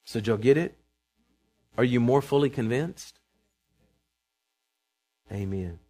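A man preaching in a church, his voice sitting in an ordinary middle pitch. He drives his points home with emphatic declarations, then drops to quiet asides, and keeps asking the congregation whether they are with him. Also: takes it slowly. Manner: emphatic, call-and-response with the congregation; shifts between loud proclamation and quiet asides. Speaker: pastor. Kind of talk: sermon. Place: church sanctuary before a congregation.

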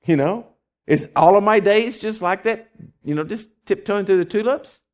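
A man preaching a conversational sermon, folksy and animated, telling stories and acting out voices. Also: high voice, normal speed. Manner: animated storytelling, acts out voices.

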